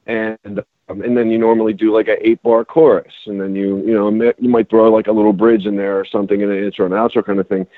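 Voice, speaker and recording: A man's voice: lowish voice, little pitch movement, fast talker, no echo, phone-quality sound. A man on a casual podcast, a rapper explaining his new song in a rambling way with many restarts. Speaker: rapper and songwriter guest.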